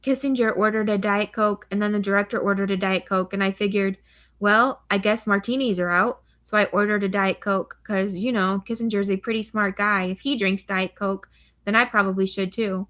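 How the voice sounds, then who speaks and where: A woman voicing a cool, dry-witted American FBI agent about to turn fifty, who jokes in an unhurried, deadpan way. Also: medium pitch, close to an everyday voice.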